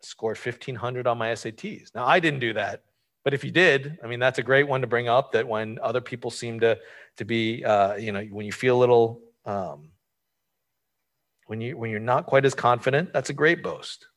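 Male preacher, mid-pitched, casual sermon delivery with rhetorical asides. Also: normal speed, fairly bright tone. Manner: informal, asks rhetorical questions, frequent fillers. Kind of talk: conversational sermon.

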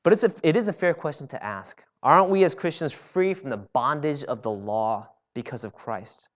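A man's voice: a little high, expressive, moderate pace. A man preaching a sermon in a church, talking casually and often checking in with "right?". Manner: conversational with frequent "right?" asides. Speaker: pastor.

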